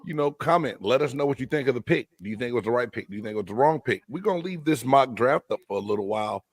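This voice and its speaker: A man hosting a casual live sports chat, loud and joking with his co-hosts. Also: mid-range voice, animated, fast talker, husky, no echo. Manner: loud, hyped, joking banter. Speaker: host.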